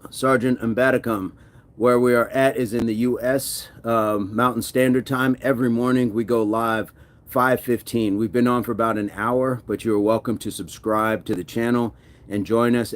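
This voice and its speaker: A man hosting a casual fitness livestream, reading viewer comments aloud between push-ups and laughing often. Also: lowish voice. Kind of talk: casual live-stream chat.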